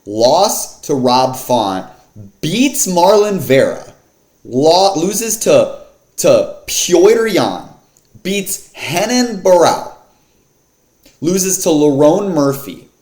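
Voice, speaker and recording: A man's voice: fairly high pitch, a little mellow. A man casually breaking down an MMA fight card in slangy, filler-heavy talk. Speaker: MMA fight picks vlogger. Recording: echoey room.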